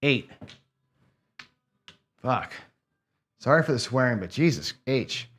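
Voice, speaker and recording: A craps channel host narrates his own game in a slow, animated voice that is medium-pitched, fairly bright, and a little breathy. He counts his chips and mutters frustrated asides to himself in a casual play-by-play while gambling.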